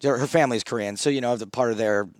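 A man's voice: mid-range voice, quick pace, no room sound, clean studio sound. A man in his thirties on a podcast, telling rambling, self-mocking stories in casual chat, often restarting his sentences. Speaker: podcast co-host.

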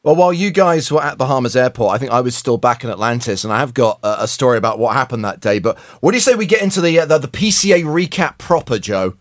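A man's voice: medium pitch, expressive, fast talker, hardly any pauses. A man co-hosting a podcast who talks in an easygoing way and steers the conversation. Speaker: podcast co-host. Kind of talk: casual chat.

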